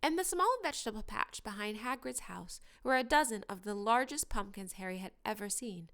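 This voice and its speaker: A woman narrating an audiobook chapter in a steady, even reading voice. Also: medium pitch, a little fast. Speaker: audiobook reader.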